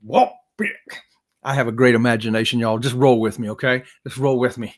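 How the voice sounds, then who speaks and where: A man's voice: mid-range voice, steady tone, a little fast. A man hosting a live stream, chatting casually with viewers in an upbeat, joking, folksy way. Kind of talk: casual chat reading viewer comments.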